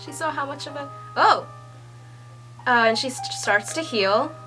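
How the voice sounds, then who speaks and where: Young woman reading along n freaking out, slow talker, faint music in the back. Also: sits high, rough recording. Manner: excitable, swearing, laughing, swinging between hushed reading and squeals. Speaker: manga reaction reader. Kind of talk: casual read-along reaction.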